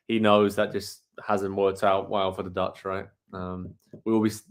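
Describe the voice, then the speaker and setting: A man from England co-hosting a live online match watchalong, chatting casually, calling the play and reading out viewer comments. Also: on the low side. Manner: chatty, reads out viewer comments, calls the action. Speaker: co-host of a live watchalong show.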